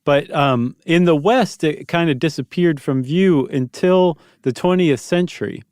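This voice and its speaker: A man's voice: a little high, a little slow, darkish tone, no room sound. A man co-hosting a podcast in casual chat, telling stories with wry, dry humor. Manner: wry, dry humor, explains things in a storytelling way. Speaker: podcast co-host.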